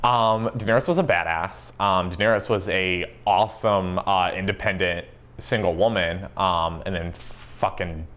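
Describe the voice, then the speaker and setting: A man giving a casual interview as a show fan, swearing freely, laughing often and filling pauses with ums. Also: deep voice, fairly even intonation, fairly bright tone. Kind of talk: casual chat.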